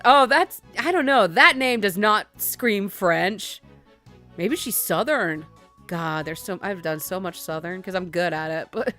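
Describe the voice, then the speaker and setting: A woman's voice: medium pitch, animated, unhurried, pushed and bright. A woman hosting a game let's play, chatting casually with profane, giggly, rambling asides. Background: game music.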